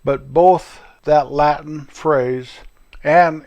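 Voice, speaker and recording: A man's voice: medium pitch, a little slow, muffled recording. Folksy older male podcast host. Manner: folksy and rambling, chatty asides. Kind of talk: casual solo podcast monologue.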